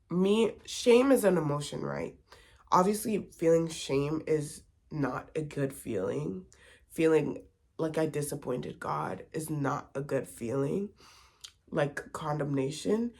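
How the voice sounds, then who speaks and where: A woman's voice: low voice, gravelly. A young woman telling her own story in a candid, confiding vlog testimony. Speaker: vlogger.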